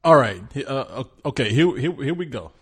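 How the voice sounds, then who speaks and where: A man's voice: medium pitch, lively intonation, brisk, a bit bright, breathy edge. A man hosting a casual podcast chat, rambling and joking with lots of swearing and restarts. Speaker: podcast host.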